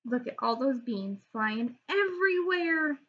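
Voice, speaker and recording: Husky-voiced woman reading a storybook to kids. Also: high-pitched, a little slow. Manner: lively, explains words for children. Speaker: preschool teacher. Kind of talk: children's storybook read-aloud. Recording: dull lo-fi recording.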